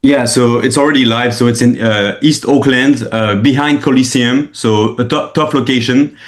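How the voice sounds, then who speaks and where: A man real estate agent reporting on a group video call, speaking haltingly with many restarts. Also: medium pitch, steady tone.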